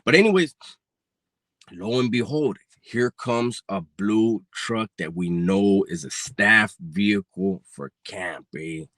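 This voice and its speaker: A man's voice: fairly low pitch, slow, a bit bright, no echo. A man in his forties telling a personal story in a casual, profane, slang-heavy way. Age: 40s.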